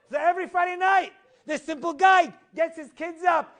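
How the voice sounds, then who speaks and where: High-voiced rabbi telling stories. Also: male voice, normal speed. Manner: animated, sings quoted Hebrew phrases; humorous asides. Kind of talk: storytelling Torah class.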